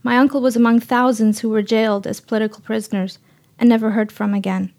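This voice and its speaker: A woman reporter tells her story in a measured, scripted radio narration. Her voice sits a little high and her delivery stays steady and sober throughout. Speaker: freelance reporter.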